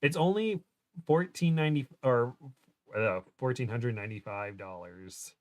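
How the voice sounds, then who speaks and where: A man's voice: mid-range voice, expressive, moderate pace, no room sound. A man with an American accent, chatting casually as a guest on a livestream, laughing often and trailing off mid-sentence. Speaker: guest co-host.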